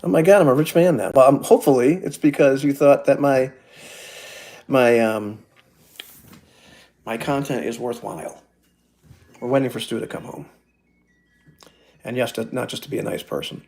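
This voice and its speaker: A man's voice: mid-range voice, moderate pace, gravelly, long pauses, darkish tone. A man chatting casually on a live stream, rambling and self-deprecating, talking straight to his viewers from a friend's house. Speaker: YouTuber doing a live stream.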